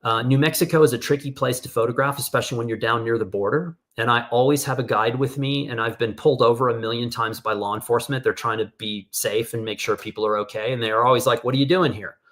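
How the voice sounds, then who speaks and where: A man's voice: medium pitch, fairly even intonation, fast, hardly any pauses, fairly bright tone. A middle-aged man hosting an online photography workshop over a video call, casually telling stories and acting out the people in them. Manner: casual storytelling, acts out quoted voices. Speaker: workshop host.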